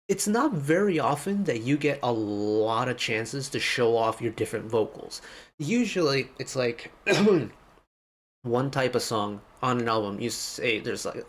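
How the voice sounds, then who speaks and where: A man with a medium-pitched voice talks through a song in a relaxed, casual way. He is eager and attentive to small details as he hosts his music reaction video. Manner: enthusiastic, detail-focused.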